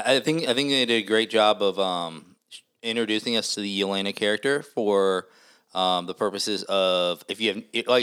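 A man's voice: fairly low pitch, a bit bright, clean tone. A man co-hosting a casual podcast, thoughtful and explaining his views at length. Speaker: podcast co-host.

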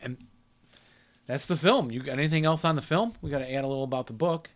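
A middle-aged man co-hosting a casual film chat, chatty and quick to laugh, acting out movie lines as he recaps. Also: a little high. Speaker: podcast co-host.

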